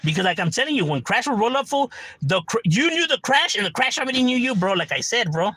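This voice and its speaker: A man's voice: extremely high pitch, big pitch swings, quick pace, bright, forceful tone, no echo, poor audio. A man telling street stories in casual, slangy, profane chat on a livestream.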